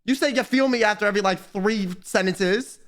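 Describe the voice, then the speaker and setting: A man's voice: sits high, a little fast, a bit bright. A young man chatting on a livestream, reading aloud and riffing in slangy, teasing talk. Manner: reads aloud then riffs, slangy and teasing. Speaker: streamer. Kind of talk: casual livestream chat.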